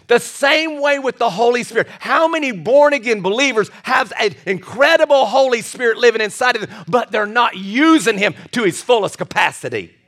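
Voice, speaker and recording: Male pastor with a very high voice, animated sermon delivery, breaks into shouts. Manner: animated preaching, storytelling with bursts of shouting.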